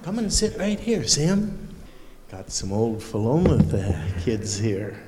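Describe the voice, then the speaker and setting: A male pastor giving a children's sermon in a church, warm and playful, quizzing the kids with questions. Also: mid-range voice, big pitch swings, takes it slowly, very noisy. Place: church sanctuary. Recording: long hall reverb in a church.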